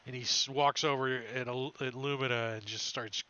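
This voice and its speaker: A man's voice: medium pitch, fairly even intonation, normal speed, noisy background. A man narrating as dungeon master, in a loose, rambling way that slips into goofy creature voices. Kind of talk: narrating a tabletop game. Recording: dull lo-fi stream audio.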